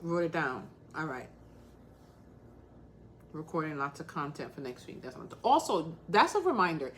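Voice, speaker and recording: A woman's voice: sits low, big pitch swings, normal speed, fairly bright tone, a little hiss or hum. A woman hosting a casual crafting livestream, talking bluntly and straight to the point while calling out viewers by name.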